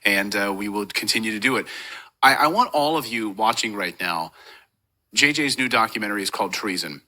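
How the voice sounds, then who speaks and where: A man's voice: lowish voice, lively intonation, fairly quick, sharp tone. A man hosting an interview show, speaking earnestly and steadily, with some fillers. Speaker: show host.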